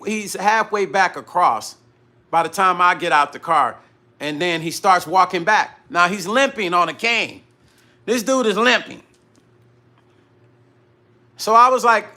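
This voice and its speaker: A man's voice: high voice, unhurried, long pauses. A middle-aged man hosting his own live vlog, animatedly retelling an incident in casual talk with frequent swearing. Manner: animated retelling that acts out dialogue, with frequent profanity. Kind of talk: casual live-stream storytelling.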